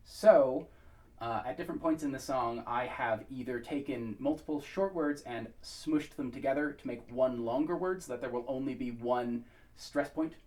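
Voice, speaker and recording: A man's voice: medium pitch, normal speed, darkish tone, far from the mic. American man explaining pronunciation, off mic. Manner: thoughtful, many ums and uhs, sings short vocable demonstrations. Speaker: pronunciation instructor. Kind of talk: relaxed spoken tutorial.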